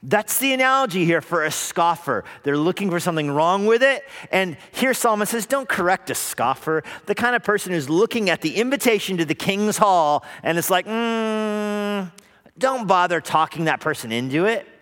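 A man preaching a sermon at an evening worship service, lively, acting out the voices of hesitant and scoffing people. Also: sits high, normal speed. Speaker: pastor. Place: church sanctuary. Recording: long reverb of a church hall.

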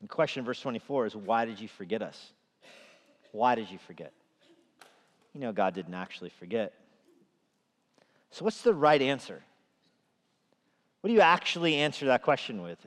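Man preaching, mid-pitched voice, animated, swells loud on quotes, long church reverb. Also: brisk, pauses often. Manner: animated, rising in pitch and volume when quoting scripture. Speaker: pastor. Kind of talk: sermon. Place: church sanctuary. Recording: echoey church hall reverb.

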